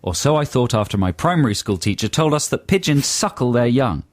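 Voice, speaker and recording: Wry radio co-host. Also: male voice, mid-range voice, very animated, fairly quick, no echo. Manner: wry, dry humour. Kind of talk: radio banter and reading listener letters. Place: radio studio. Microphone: studio microphone.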